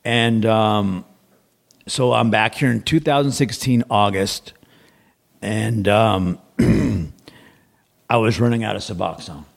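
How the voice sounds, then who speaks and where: A man's voice: lowish voice, takes it slowly, vocal fry, pauses often. A man guest on a podcast, telling a long personal story in a rambling, casual way, repeating words and acting out what others said.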